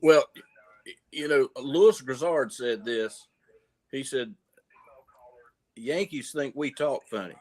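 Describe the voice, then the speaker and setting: A man's voice: medium pitch, takes it slowly, pauses often, a little mellow. A man with a Southern accent, a coin dealer guest on a livestream, telling long folksy stories and often repeating words as he goes. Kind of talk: casual livestream chat.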